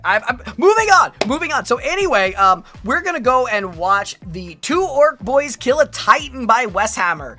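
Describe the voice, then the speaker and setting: Bright-voiced playful woman streamer. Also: mid-range voice. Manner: rambling, playful, stammering restarts. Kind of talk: casual livestream chat.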